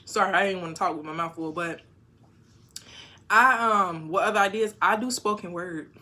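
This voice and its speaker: A woman on a casual livestream, reading viewer comments aloud and answering them frankly, with sudden loud bursts. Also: on the low side, normal speed. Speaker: YouTuber answering live chat. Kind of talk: casual live-stream chat.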